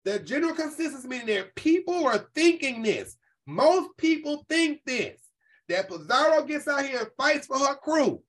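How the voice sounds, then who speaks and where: Female host, casual profane commentary, animated, does quick impressions. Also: high-pitched, rough recording. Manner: animated, profane, quotes people in voices.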